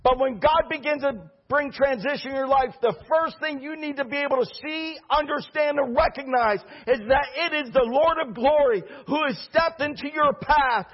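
A man's voice: very high voice, normal speed, few pauses, lo-fi sound. A male pastor preaching a sermon with fervor and repeating key phrases for emphasis.

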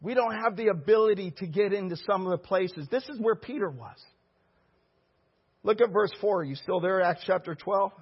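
A high-pitched, husky middle-aged man preaching a sermon. He drives his points with call-and-response and rising shouts. The recording is dull and lo-fi. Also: animated, moderate pace. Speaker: pastor.

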